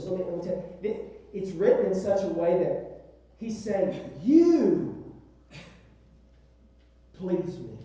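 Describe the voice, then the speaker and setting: A man's voice: high-pitched, mellow. A man with a Southern US accent preaching a sermon as pastor, emphatic, repeating words and asking "right?" of his listeners. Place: church sanctuary. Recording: very echoey room, voice from a distance.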